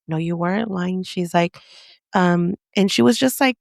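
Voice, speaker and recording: Gravelly-voiced woman telling a story. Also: on the low side, normal speed, no room sound, studio quality. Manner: rambling, many fillers, acts out quotes. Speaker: podcast co-host. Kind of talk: casual storytelling.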